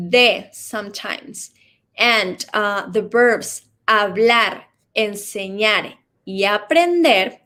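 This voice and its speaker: A woman teaching an online language class, explaining slowly and checking in often with "okay?". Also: medium pitch, a bit bright. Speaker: Spanish teacher.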